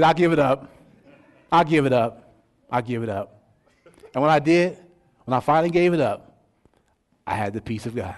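A middle-aged man preaching a sermon, telling stories and asking rhetorical questions. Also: sits high. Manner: animated storytelling, rhetorical questions. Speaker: pastor.

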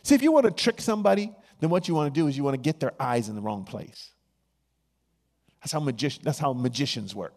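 A man preaching a sermon, swinging between hushed, drawn-out phrases and loud, excited bursts. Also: mid-range voice. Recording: long hall reverb.

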